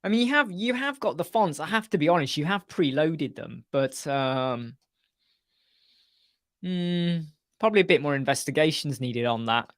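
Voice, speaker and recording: A man's voice: on the high side, lively intonation, moderate pace, a bit bright, no echo, clean studio sound. A man hosting a casual live web chat, answering viewers by name in a chatty, joking way. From United Kingdom.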